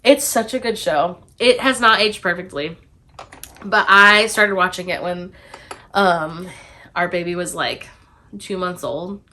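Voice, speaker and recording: A woman's voice: lowish voice, unhurried, sharp tone, slight background noise. A young woman co-hosting a casual Q&A chat, reading out viewer questions in a chatty, sentimental way. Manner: chatty, sentimental, laughs easily.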